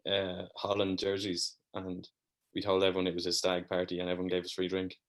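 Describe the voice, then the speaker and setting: A man's voice: deep voice, monotone, fairly quick. A young man in his twenties, a guest, chatting casually and joking in an offhand way. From Ireland. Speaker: guest, pharmacist. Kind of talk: casual chat.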